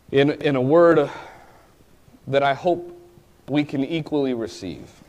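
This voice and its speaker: Man, preacher, sermon, impassioned, shifts between pleading and quiet reflection, medium pitch. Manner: impassioned, rising to pleading cries and dropping to quiet asides.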